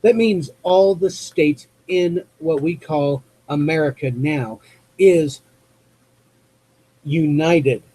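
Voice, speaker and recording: A man from the US West Coast hosting a live call-in show, talking off the cuff in a rambling, halting way as he searches for words. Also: on the high side, dark tone, poor audio. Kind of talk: unscripted monologue to chat viewers.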